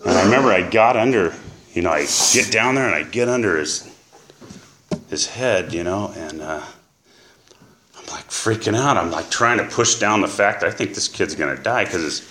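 A middle-aged man in recovery, telling an emotional personal story in a halting way with many fillers. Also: on the low side, animated, pushed and bright, a little hiss or hum. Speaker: recovery speaker. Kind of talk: personal testimony.

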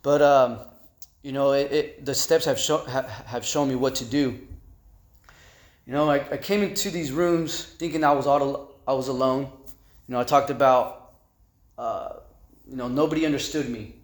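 A man giving personal testimony at a recovery meeting, halting and repeating words with conversational fillers. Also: mid-range voice, fairly even intonation. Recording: echoey room.

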